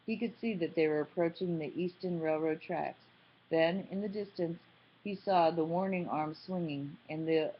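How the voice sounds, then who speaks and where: A woman with a fairly low voice narrates a novel in an even, measured way. The sound is dull and lo-fi, with the top end rolled off. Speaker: audiobook narrator. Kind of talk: scripted narration. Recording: dull lo-fi recording.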